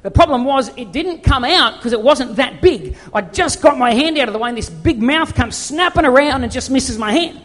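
High-voiced man preaching. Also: normal speed, few pauses. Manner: animated, self-deprecating storyteller. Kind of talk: storytelling sermon. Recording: long reverb of a large hall.

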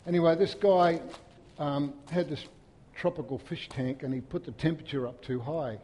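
A man preaching a sermon in a church, swinging from loud, emphatic peaks to soft, hushed stretches. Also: fairly high pitch, normal speed, in a large hall, a little hiss or hum. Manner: impassioned, rising to loud emphatic peaks then dropping soft. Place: church hall.

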